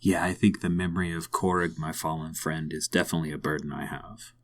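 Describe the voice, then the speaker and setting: A man's voice: extremely low pitch, level tone, fairly quick, a little hiss or hum. A man who hosts the show, playing his character in first person and then chatting as interviewer. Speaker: podcast host playing a character. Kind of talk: tabletop role-play in first person, then interview chat.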